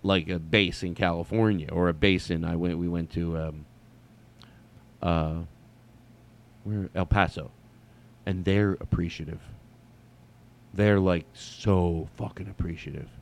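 A man's voice: deep voice, steady tone, unhurried, vocal fry, long pauses. A man telling a story casually as a comedian host, rambling with many restarts and some swearing. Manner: rambling, profane, lots of restarts.

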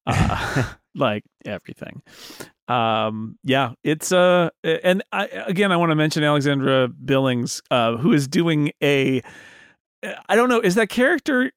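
A man hosting a casual chat, chatty and hesitant with many fillers, with a gravelly voice. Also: on the high side, lively intonation, a little slow, fairly bright tone, no room sound, studio quality. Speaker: podcast host.

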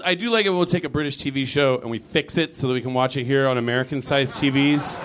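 A man doing a stand-up comedy set, animated and quick to jump into loud put-on voices. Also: a little high. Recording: live crowd laughing in the room. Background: audience laughter.

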